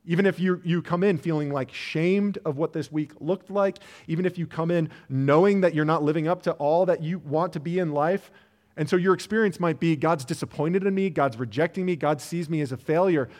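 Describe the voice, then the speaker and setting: A man delivers a sermon in an earnest, conversational manner, and his voice sits a little higher than most men's. He often trips over a word and starts again, and he leans on "like" as he talks it through with the congregation. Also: fairly quick, a little mellow. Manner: earnest, conversational preaching with frequent "like" and restarts. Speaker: pastor. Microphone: church sermon recording.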